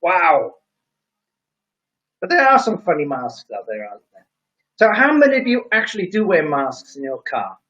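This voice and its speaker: Male stream host with a high voice and playful, chuckling manner as he reads out comments; dull, lo-fi sound. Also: huge pitch swings, moderate pace, pauses often, a bit bright. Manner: reads viewer comments aloud and jokes, chuckling. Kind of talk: casual live stream chat.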